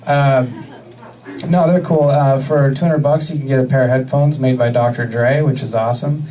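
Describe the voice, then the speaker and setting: A man in his thirties from the US Northwest doing a stand-up comedy set, with a deadpan, halting delivery full of fillers. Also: medium pitch, recorded from a distance, poor audio. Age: 30s. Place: comedy club stage.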